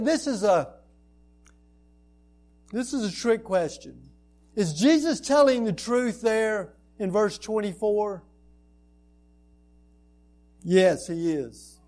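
A man's voice: sits high, a little mellow. A man preaching a sermon as a pastor, speaking earnestly and building to emphatic, repeated lines.

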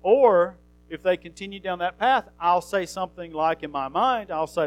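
A man's voice: high voice, moderate pace, lo-fi sound, soft background music. A man preaching an earnest, conversational sermon, teaching from the Bible and building to emphatic questions.

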